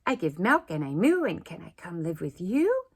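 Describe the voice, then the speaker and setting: A woman voicing a gentle, timid young female cow in a children's storybook, sweet and plaintive. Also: lowish voice, very animated, moderate pace, slightly rough, heavily acted. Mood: hopeful.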